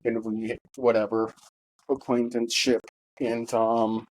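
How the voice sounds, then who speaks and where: A man telling his own story in a halting monologue, full of pauses and fillers, grieving and bitter. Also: medium pitch, flat delivery, rough recording. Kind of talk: personal testimony monologue.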